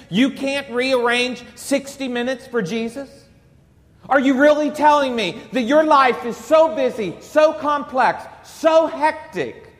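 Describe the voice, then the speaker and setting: A man's voice: sits high, a bit bright. A man who is a Catholic priest preaching a sermon, emphatic and rhetorical with bits of humor. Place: church. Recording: reverberant church hall.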